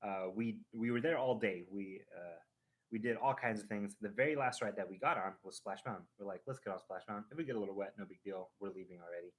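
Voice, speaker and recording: A man hosting a live stream, casually telling a family story in an animated, rambling way full of restarts and sound effects. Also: fairly low pitch, quick pace.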